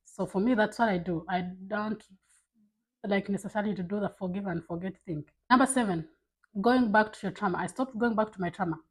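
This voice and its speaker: A woman's voice: medium pitch, fairly quick, breathy edge, poor audio. A woman talking candidly to camera, giving blunt life advice in a casual, filler-filled way. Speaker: vlogger.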